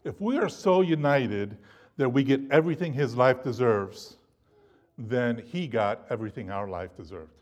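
A man preaching a sermon to a congregation, animated and emphatic, his loudness rising and falling. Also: medium pitch, moderate pace. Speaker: pastor.

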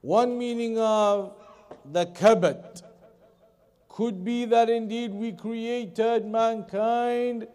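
A man with a high, light voice gives a Quran commentary lesson. He rattles off the source text briskly, then slows down to explain each point, repeating key phrases for his students. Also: steady tone, a little mellow, smooth. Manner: reads Arabic text quickly, then explains slowly with repetition. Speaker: Islamic teacher.

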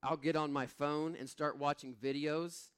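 A man's voice: fairly high pitch, fairly even intonation, unhurried, a bit bright, clean tone. A middle-aged man preaching a sermon in a humorous, self-mocking way, acting out the voices he quotes. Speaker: pastor.

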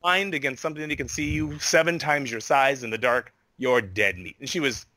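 A man's voice: medium pitch, fairly quick, no echo. A middle-aged man, a podcast guest, telling a story with animation and acting out the voices of the people in it. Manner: animated, acts out players' voices in his story. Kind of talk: storytelling in a casual chat.

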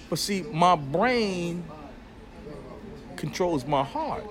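A man's voice: fairly high pitch, moderate pace, a crowd in the background. A man who is a podcast guest, telling a personal story in a casual, profane way and acting out the dialogue. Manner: animated, profane, acts out dialogue.

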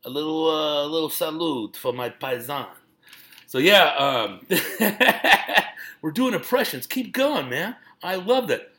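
A male podcast host with a bright, clear tone. He keeps things loose and easygoing, introducing bits with relaxed enthusiasm. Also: a little high, takes it slowly. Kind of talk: casual podcast hosting.

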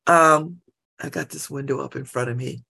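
A middle-aged woman chatting casually at home by an open window, laughing often and breaking into animated asides. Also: extremely low pitch, normal speed, gravelly, breathy edge. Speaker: vlogger. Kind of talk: casual monologue.

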